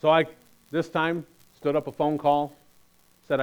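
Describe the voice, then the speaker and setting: A man preaching a sermon in a conversational, storytelling way, moving between lively and quiet delivery. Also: a little high, unhurried, clean tone. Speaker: pastor.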